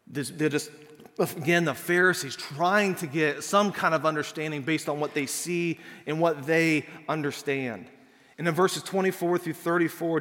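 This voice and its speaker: Man preaching casually in a reverberant hall. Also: a little high. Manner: casual, animated, acts out quotes and says "like" a lot. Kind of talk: conversational sermon.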